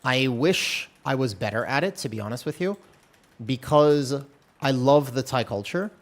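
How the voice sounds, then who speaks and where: A laid-back man streams a game from his room at home and talks it through in easy, meandering chat. His voice sits at an ordinary middle pitch, and he pokes fun at himself as he goes. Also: moderate pace. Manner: relaxed, rambling, self-deprecating. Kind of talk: casual live-stream chat while gaming.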